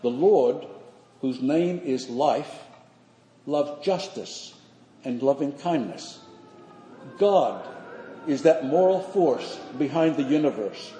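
An older man, a priest, preaching a sermon in measured, earnest phrases with slow emphatic pauses. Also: mid-range voice, lively intonation, warm tone, slight background noise. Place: church sanctuary. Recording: echoey church hall.

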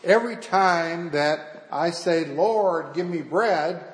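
Eager preacher calling out to heaven, slow and high, as a man puts him on, echoey hall. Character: eager male preacher staging a miracle.

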